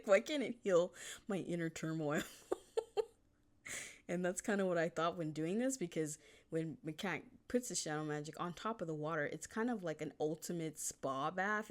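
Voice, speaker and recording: A woman author casually talking through a chapter she wrote, rambling, laughing often and swearing now and then. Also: deep voice. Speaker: fan fiction author.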